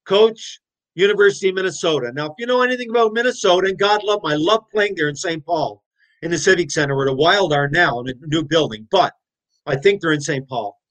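Animated man in his sixties. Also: high-pitched. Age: 60s. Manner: animated, blunt and profane. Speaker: interview guest, former hockey player. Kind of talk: casual storytelling.

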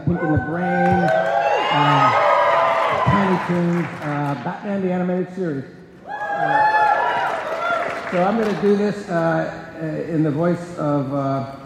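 Cartoon creator on a panel, boomy hall, crowd noise. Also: male voice. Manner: hesitant, many fillers.

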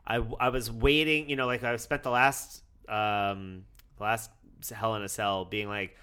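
A man's voice: lowish voice, fairly even intonation, normal speed, bright, forceful tone, clean tone. A man co-hosting a casual podcast chat, talking animatedly with many fillers. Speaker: podcast co-host.

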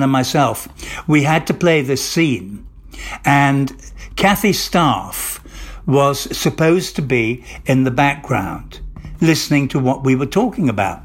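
An older male actor being interviewed, telling long rambling stories with restarts and acted-out dialogue. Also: fairly high pitch. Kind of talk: anecdotal interview storytelling.

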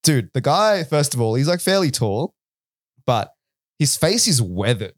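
A man's voice: mid-range voice, very animated, a little slow, dry recording, clean studio sound. An Australian man co-hosting a podcast, telling a rambling anecdote in casual chat, peppered with "right?" and "like". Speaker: podcast co-host.

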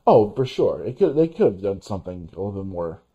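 A man co-hosting a casual film review chat, talking in halting bursts with many restarts. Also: on the low side, very animated, slightly rough, dull audio. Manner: halting, many restarts and fillers, laughs as he talks. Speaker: podcast co-host.

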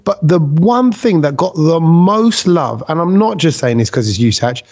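A man hosting a casual podcast, telling a story with lively acted-out quotes. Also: fairly high pitch, moderate pace, muffled recording. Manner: animated storyteller who acts out quotes. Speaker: podcast host.

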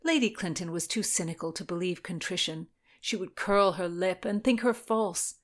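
A woman narrating a historical novel as an audiobook, measured and dramatic. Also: on the low side.

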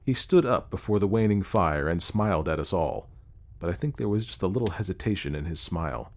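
Low-voiced male storyteller. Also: lively intonation, a little fast, darkish tone. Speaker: audiobook narrator. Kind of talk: scripted narration.

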